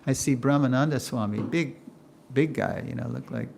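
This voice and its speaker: A gravelly older man tells a story to a class. He talks in an animated way, acts out what people said, and laughs as he goes. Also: medium pitch, normal speed, a little hiss or hum. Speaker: lecturer. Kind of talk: storytelling lecture.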